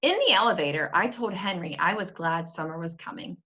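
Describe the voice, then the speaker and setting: Casting: woman reader, bright and animated, reading a chapter book to kids, lo-fi home mic. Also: fairly low pitch, brisk. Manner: expressive, chatty asides. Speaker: teacher reading aloud. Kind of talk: reading a children's novel aloud.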